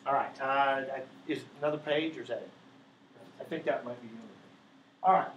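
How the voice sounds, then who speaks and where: A man teaching a math class, walking patiently through each step and checking in with the students again and again. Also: fairly high pitch. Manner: keeps checking in with students by asking "right?". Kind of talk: classroom lecture. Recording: echoey classroom with faint background noise.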